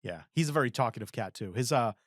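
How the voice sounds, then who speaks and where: A man's voice: medium pitch, fast, no echo. Man, forties, podcast co-host, casual rambling chat, dry close mic. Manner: rambling, animated storytelling with acted-out quotes.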